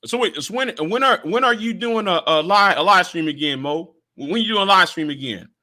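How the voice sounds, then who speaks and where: Male livestream host, high bright voice, angry profane rant, stammers and repeats words. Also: lively intonation, fairly quick.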